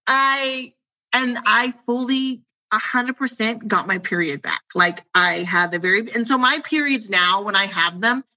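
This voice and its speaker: Casual female guest, bright and giggly, rambling delivery, slightly dull recording. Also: a little high, measured pace. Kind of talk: casual chat.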